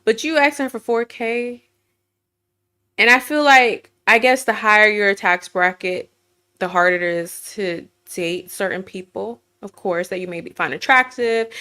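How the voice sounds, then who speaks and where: Bright, emphatic woman ranting opinions. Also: mid-range voice, clean tone. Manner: emphatic, sassy, rhetorical questions. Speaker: host. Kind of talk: opinion commentary to camera. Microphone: webcam while screen sharing.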